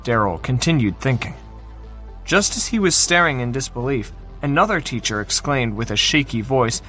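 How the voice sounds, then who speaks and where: Lively male fantasy novel narrator. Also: mid-range voice, moderate pace, faint music behind. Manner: dramatic, expressive reading. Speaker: audiobook narrator.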